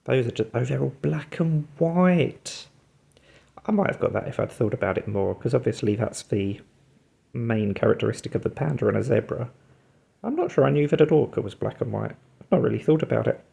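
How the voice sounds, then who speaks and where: Gravelly, husky man thinking aloud. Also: mid-range voice, brisk, warm tone. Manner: musing, talks himself through guesses. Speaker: puzzle video host. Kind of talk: thinking aloud while solving a word puzzle.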